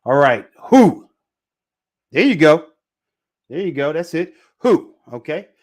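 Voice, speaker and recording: A man teaching a casual live online Spanish lesson, repeating phrases slowly for pronunciation. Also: fairly high pitch, lively intonation.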